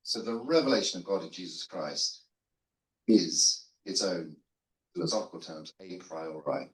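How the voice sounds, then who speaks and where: A man's voice: low voice, measured pace, fairly bright tone. An older man, a guest theologian on a seminary panel, telling stories in a rambling, self-deprecating conversational way with frequent restarts. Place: seminary lunch room. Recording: roomy echo.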